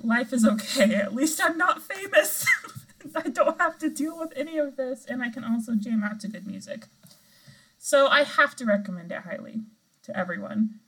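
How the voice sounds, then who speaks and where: A woman's voice: fairly high pitch, fairly bright tone, poor audio. A young woman co-hosting a podcast, chatting casually and laughing often. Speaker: podcast co-host. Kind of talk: casual chat.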